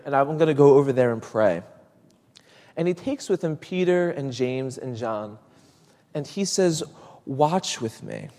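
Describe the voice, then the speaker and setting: A preacher giving a sermon in a conversational, storytelling way, with small restarts. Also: male voice, a little high, darkish tone, long reverb tail.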